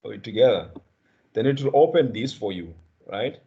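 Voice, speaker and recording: A man from the Eastern Cape with a South African accent speaks at normal speed in a fairly low voice with lively intonation. As a guest trainer leading an online class, he checks in with students and often repeats words, captured on dull, lo-fi video call audio.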